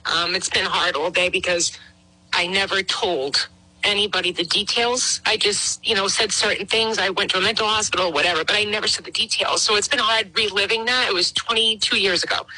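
A middle-aged woman calls in with a personal testimony, speaking in an emotional, rambling way. Her voice is very bright and husky. She often acts out the words she once said. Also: medium pitch, moderate pace, rough recording. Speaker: guest caller.

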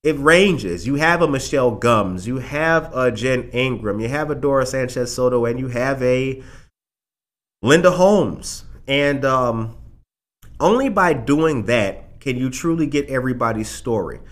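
A man's voice: medium pitch, expressive, moderate pace, fairly bright tone. A man hosting a casual live talk show, emphatic and fond of repeating phrases for punch. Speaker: show host.

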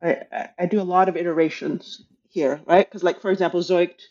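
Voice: medium pitch, steady tone, a little fast, darkish tone, dull audio. An author talking casually about their book, hesitant and thinking aloud, with many restarts. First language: English.

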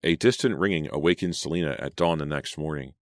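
A man narrating an audiobook in measured scripted narration, close to the mic. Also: rumbling low, dry recording.

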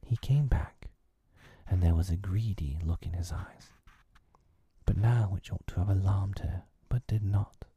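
Slow, breathy whispering male storyteller. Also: sits low, mellow, no room sound.

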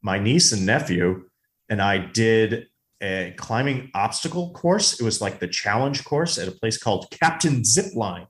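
A man co-hosting a movie podcast, telling a rambling, animated story in casual chat. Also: fairly low pitch, measured pace. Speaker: podcast co-host. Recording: roomy echo.

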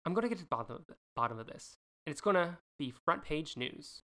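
A woman's voice: low-pitched, animated, quick pace, a bit bright. A woman voicing an eager, headstrong teenage girl sleuth in a casual podcast read-through. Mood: determined.

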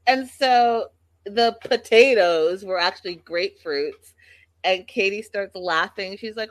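A woman's voice: mid-range voice, animated, moderate pace, dry recording. A woman hosting a livestream, gossiping casually and speaking straight to her viewers. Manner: chatty, gossipy, addresses the audience directly. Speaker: livestream host. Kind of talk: casual recap chat.

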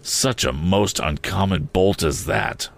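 A man voicing a gentle, simple-hearted blacksmith who speaks earnestly in homely rustic speech. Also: low voice, expressive, slow, vocal fry, exaggerated voice. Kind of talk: audiobook character voice.

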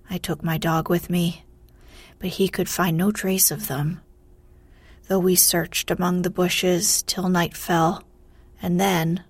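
Breathy woman, slow hushed storytelling. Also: lowish voice, no room sound. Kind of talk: soft storybook narration.

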